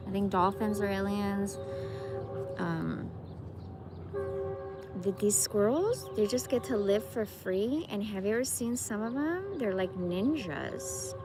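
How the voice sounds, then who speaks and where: A woman's voice: mid-range voice, expressive, slow pace, over music. A woman in her forties chatting casually to her phone camera outdoors, rambling and slangy, profane, saying bro a lot. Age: 40s. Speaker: vlogger. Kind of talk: casual vlog chat. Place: outdoors in a park.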